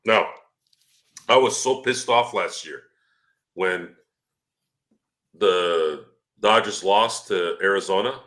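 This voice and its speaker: Male podcast co-host, tense bright voice, lively storyteller who swears and mimics. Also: sits low, slow, long pauses. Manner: animated storyteller, swears freely, acts out quoted voices. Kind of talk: casual sports podcast chat.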